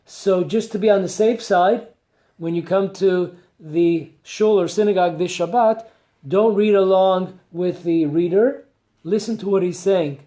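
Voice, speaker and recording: A man's voice: high voice, a little slow, warm tone. A man, a rabbi, giving a conversational Torah class with rhetorical questions and asides. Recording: echoey room.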